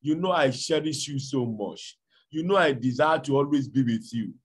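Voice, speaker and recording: A man voicing a patient, loving husband who gently pleads with his wife. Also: fairly high pitch, expressive, unhurried, husky, voice pushed up. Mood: tender pleading. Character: patient loving poor husband, soft-spoken.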